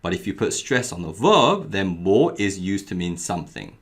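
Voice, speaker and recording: A young adult man giving a clearly paced, scripted language lesson, repeating each example phrase carefully. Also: sits low, very animated, moderate pace, hardly any pauses, a bit bright. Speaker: Korean language teacher.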